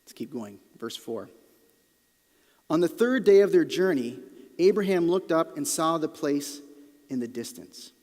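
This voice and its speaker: A male pastor preaching a sermon with earnest emphasis, sometimes dropping to a quiet, intense delivery. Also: fairly high pitch, big pitch swings, unhurried, pauses often. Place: church auditorium. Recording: long reverb of a large hall.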